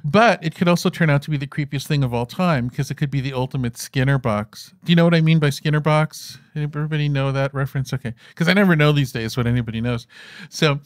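A man's voice: on the high side, quick pace, dry recording, studio quality. A man in his fifties, an interview guest telling stories in a rambling way, with many restarts and fillers. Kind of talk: conversational storytelling on stage.

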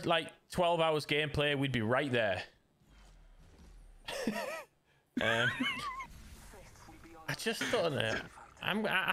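A man's voice: mid-range voice, bright, forceful tone. A man with a Yorkshire accent chatting casually while playing a video game, joking and stumbling over restarts. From Yorkshire, England. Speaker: streamer. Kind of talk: casual gaming chat.

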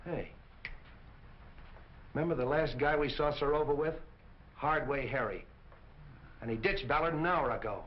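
An actor playing a brusque, hard-boiled police captain who barks orders. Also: male voice, fairly high pitch, normal speed, long pauses, natural voice. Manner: gruff, barking orders. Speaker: police detective. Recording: muffled 1940 film soundtrack with hiss.

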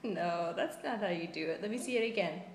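A woman's voice: fairly low pitch, brisk. A mother playfully quizzing her toddler in a home video, asking coaxing sing-song questions. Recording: roomy home recording, faint noise.

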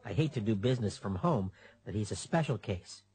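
A man's voice: lowish voice, lively intonation, brisk, a little mellow, slightly rough. A man playing a cheerful family dad. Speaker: father in a textbook dialogue. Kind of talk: scripted textbook dialogue.

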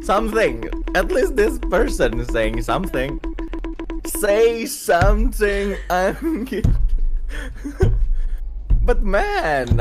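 A woman chatting on a live stream, teasing her friend in a slow, giggly way. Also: fairly high pitch. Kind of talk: casual live-stream chat.

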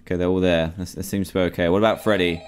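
A man's voice: low voice, level tone, rapid-fire, a little hiss or hum. A man commentating on a horror game, panicky and pleading, repeating himself as he talks to himself. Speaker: gamer.

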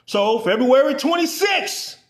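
Profane, exasperated business coach ranting to camera; high, animated delivery in a roomy space. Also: male voice, a little slow. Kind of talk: ranting vlog.

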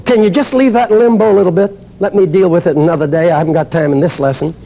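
An older man preaching a teaching sermon on healing, emphatic and exuberant, dropping to a hush and then rising to loud exclamations. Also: high-pitched, fairly even intonation, fast.

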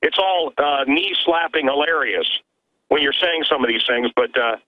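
Phoning in as a guest from his own studio, this radio host speaks emphatically in a lively call-in chat, stumbling into stammered restarts. His fairly high voice moves at a moderate pace over a tinny phone line.

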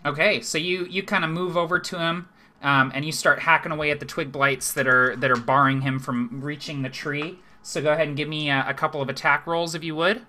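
A man narrating as game master of a tabletop game, describing the action with fillers and pauses. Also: on the high side, steady tone, sharp tone, slight background noise.

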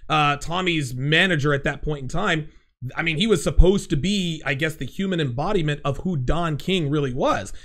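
A gravelly man in his forties hosts a live call-in show. His voice sits a little high for a man. He talks in an animated, emphatic way and often repeats his phrases. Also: normal speed. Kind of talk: casual call-in chat.

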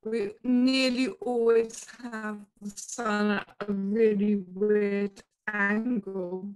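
A woman from southern England with a Portsmouth accent, giving a conference talk in a chatty way, often pausing on ums and restarting. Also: mid-range voice, little pitch movement, darkish tone, clean tone, dry recording, faint music behind, rough recording. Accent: Portsmouth English. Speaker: conference speaker. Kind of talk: presentation talk.

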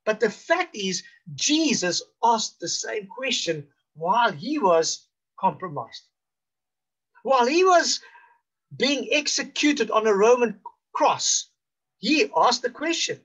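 Slow-preaching South African male pastor. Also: very high voice, big pitch swings. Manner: slow, deliberate preaching with emphatic rises and hushed drops. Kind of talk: sermon.

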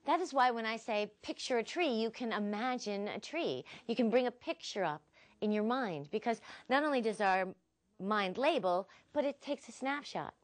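A woman's voice: a little high, normal speed. A woman philosophy instructor giving a recorded lecture, telling stories expressively. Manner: expressive, animated storyteller.

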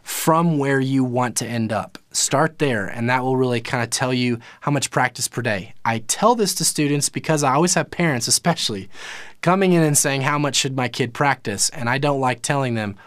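A man's voice: medium pitch, normal speed, a bit bright, dry recording, studio quality. A man teaching a live online music lesson, explaining in a casual way with plenty of fillers and restarts. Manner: casual, explanatory, lots of fillers and self-corrections.

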